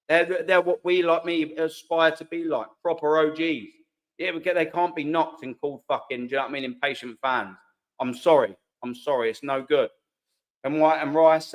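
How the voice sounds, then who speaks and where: A man hosting a live fan chat, reading out viewer comments in a heated, swearing, repetitive way. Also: fairly high pitch. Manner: heated, swearing, repeats himself, slangy. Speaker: host of a live fan channel.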